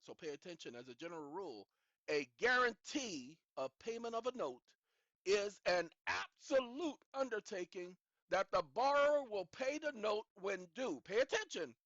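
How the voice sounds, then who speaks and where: An emphatic man lecturing his viewers like a preacher, repeating himself and urging them to say it with him. His pitch swings widely. The sound is dry and dull, like a lo-fi home recording. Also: a bit bright, no room sound. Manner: repetitive, calls for the audience to repeat after him. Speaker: channel host. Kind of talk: instructional talk, preachy and emphatic.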